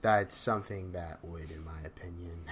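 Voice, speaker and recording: Young man, fairly low voice, podcast co-host, casual chat, hesitant storytelling. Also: normal speed, slight background noise. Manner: relaxed storytelling, trailing off, hesitant.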